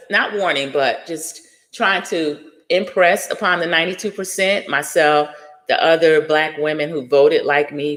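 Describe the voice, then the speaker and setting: A woman's voice: low-pitched, fairly bright tone, big-room sound. A middle-aged woman hosting a casual livestream, chatting and greeting viewers by name. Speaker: livestream host.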